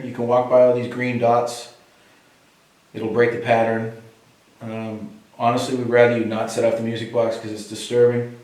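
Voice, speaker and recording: A man with a Boston accent, a paranormal investigator calmly coaxing an unseen spirit to talk, in an old building. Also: mid-range voice. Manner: calm, coaxing, earnest, addressing an unseen presence. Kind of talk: calling out to a spirit in a ghost hunt. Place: old building at night, indoors. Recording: very echoey room, distant mic, faint hiss.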